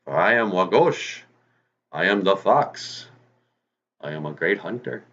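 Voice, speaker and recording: A man voicing a boastful, easily angered male fox hunter in a told folk tale, speaking in a loud, proud, huffy way. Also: sits low, expressive, a little slow, muffled recording, exaggerated voice.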